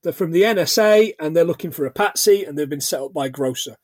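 A man's voice: fairly high pitch, lively intonation, fast, a little mellow, no room sound, studio quality. A man in his forties co-hosting a casual film podcast, recapping the plot with jokey asides and frequent laughter. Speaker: podcast co-host.

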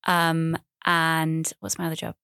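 Rambling woman, low dry voice. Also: monotone, unhurried, gravelly, pushed and bright, clear, resonant tone, dry recording. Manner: rambling, chatty, self-deprecating, repeats phrases. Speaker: podcast host. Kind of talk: casual solo podcast monologue.

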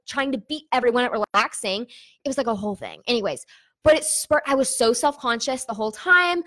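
A young woman with a fairly high voice talks straight to her viewers in a casual vlog. She is candid and chatty, and she peppers her sentences with fillers as she works through personal thoughts on running an online business. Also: pushed and bright.

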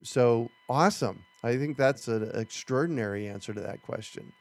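A man's voice: mid-range voice, normal speed, no room sound. A man hosting a podcast interview, conversational and affirming, often agreeing with his guest. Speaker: podcast host.

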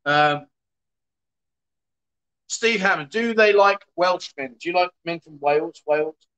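A man's voice: on the high side, measured pace, a bit bright, smooth, dull audio. A man hosting a casual livestream, reading out viewer comments with jokey, exasperated asides. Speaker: livestream host.

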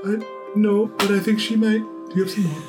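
A tabletop game player who talks in a chatty way and goes gentle and soothing when in character. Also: medium pitch, fairly even intonation, brisk, roomy sound, music in the background. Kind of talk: tabletop role-play, in and out of character.

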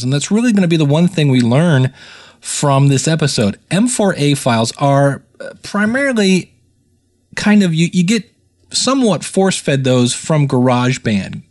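American man, podcast host, casual solo talk, rambling and chatty, self-deprecating. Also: on the high side.

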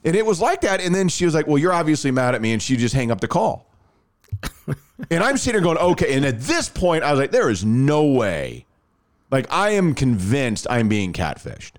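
Speaking at a moderate pace with a slightly high voice, this thirty-something man shares a personal tale on a podcast. He's casual and lively, performing each line of dialogue he quotes.

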